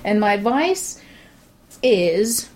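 A woman's voice: mid-range voice, very animated, drawn-out words, darkish tone. A woman co-hosting a casual chat, talking in an opinionated way and mimicking others in quoted voices. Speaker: co-host.

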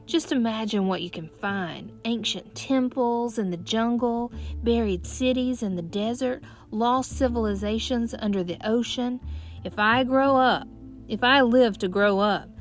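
A woman's voice: mid-range voice, unhurried, soft background music, natural voice. A woman voicing a proud, bossy boy from long ago who talks in scornful, old-timey phrases in an audiobook. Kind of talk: audiobook narration.

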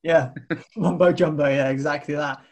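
A man's voice: a little high, fairly even intonation, normal speed, darkish tone, lo-fi sound. A British man hosting a podcast in a casual chatty way, laughing often and repeating himself as he thinks. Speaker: podcast host.

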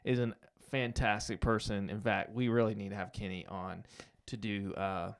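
A man hosting a podcast in casual chat, relaxed and chuckling, with asides that trail off. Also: fairly low pitch, moderate pace, clean tone. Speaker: podcast host.

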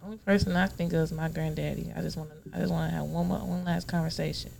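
A woman's voice: low-pitched, little pitch movement, fast, vocal fry, dark tone. A woman guest in a casual chat, giving short easygoing answers with a sassy edge.

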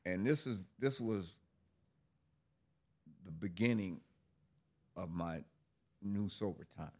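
A man's voice: low-pitched, lively intonation, slow pace, a little mellow. A middle-aged man, a guest in an interview, telling a story in a casual, laid-back and profane street manner.

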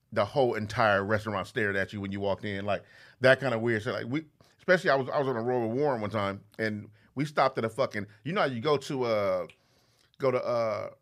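A man's voice: on the low side, fairly bright tone. A man telling a story in casual podcast chat, swearing freely and laughing through his punchlines. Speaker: podcast co-host.

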